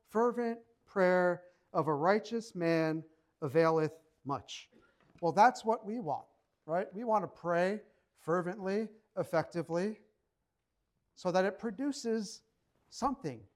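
A man's voice: high voice, expressive, a little slow. A man preaching a sermon in a conversational, emphatic way, acting out short quotes as he goes. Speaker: pastor.

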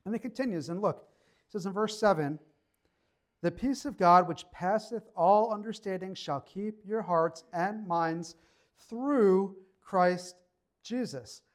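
A young man preaching a sermon in a relaxed, conversational way, slowing down when he reads scripture. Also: sits high. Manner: conversational preaching, slows to read scripture aloud. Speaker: pastor.

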